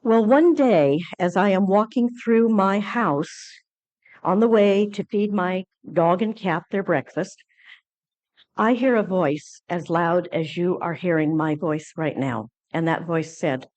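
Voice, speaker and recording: A woman's voice: fairly low pitch, slow. Woman telling a story at a lecture. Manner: animated storytelling, acting out quoted dialogue; frequent fillers and restarts. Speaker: conference speaker. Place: conference lecture hall.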